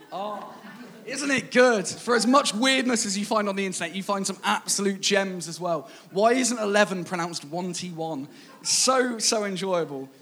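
A man giving a casual, humorous sermon, laughing and growing excited as he jokes with the congregation. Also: on the high side. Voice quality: playful, laughing, rising excitement when amused. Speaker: preacher.

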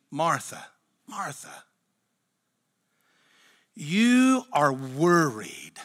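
A man delivers a sermon in a church, his voice bright and forceful. He preaches with an emphatic, repeating cadence. A long reverb from the hall trails after each phrase. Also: a little high. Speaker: pastor. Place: church sanctuary.

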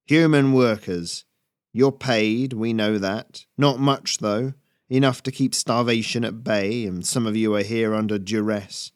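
A ruthless squirrel rebel leader , put on by a male storyteller, speaks slowly and with cold menace in a commanding, snarling tone. His voice sits a touch low, dry and close. He sounds like a storybook villain who cannot be argued with. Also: steady tone, no echo, close to an everyday voice. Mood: persuasive.

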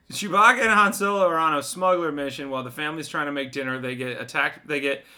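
A man's voice: fairly high pitch, brisk, sharp tone. A man co-hosting a casual chat, joking and rambling as he recaps a film. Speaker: podcast co-host.

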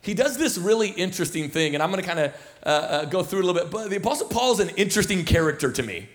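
Speaking rapid-fire with a high pitch that swings widely, this man is a senior pastor in his thirties delivering a sermon in a church auditorium. His storytelling is casual and loose, packed with fillers and repeated starts.

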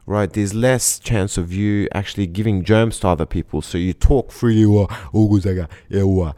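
A man's voice: lowish voice, moderate pace, dark tone, dry recording. A man co-hosting a casual chat, loose and joking, laughing often. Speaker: podcast co-host.

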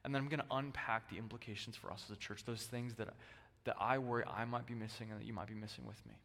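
A male pastor preaching a sermon, with emphatic stress that swings between loud bursts and hushed, low lines. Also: fairly even intonation, quick pace, gravelly. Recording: long hall reverb.

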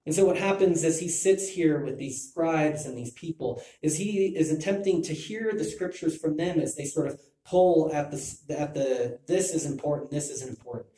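Male Bible teacher, mellow tone, restarts often, roomy echo. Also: fairly high pitch, normal speed, hardly any pauses. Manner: thinking aloud with restarts. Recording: echoey room.

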